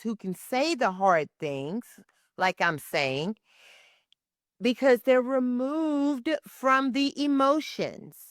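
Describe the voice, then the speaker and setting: A woman's voice: medium pitch, no room sound, studio quality. A woman hosting a podcast, frankly answering a listener's letter about caring for a parent and checking in with "okay?". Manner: frank, conversational, asks rhetorical questions and adds "okay?". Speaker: podcast host and caregiving advisor. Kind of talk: direct advice talk answering a listener letter. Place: Texas.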